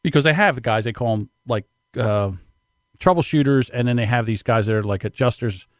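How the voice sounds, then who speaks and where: A man's voice: mid-range voice, a little fast, dry recording, studio quality. Rambling, laughing New podcast man. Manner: rambling, laughing, does voices of old bosses. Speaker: podcast co-host. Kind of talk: casual storytelling chat.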